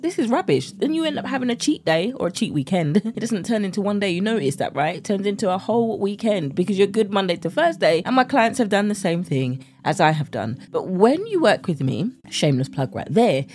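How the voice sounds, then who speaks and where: A woman's voice: medium pitch, very animated, fairly quick, hardly any pauses, darkish tone. A woman in her late thirties with a British accent, hosting a podcast in a chatty, upbeat way and laughing often. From United Kingdom. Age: 30s. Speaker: podcast host and weight-loss coach. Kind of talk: scripted podcast intro and casual monologue.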